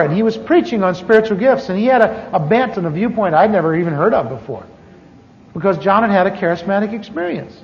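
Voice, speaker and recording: A fairly high-pitched man preaching his personal testimony, the sound ringing out in a large hall. He speaks conversationally and stumbles into restarts as he goes. The old recording is dull and lo-fi. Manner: conversational storytelling with halting restarts. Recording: echoey hall, dull lo-fi tape.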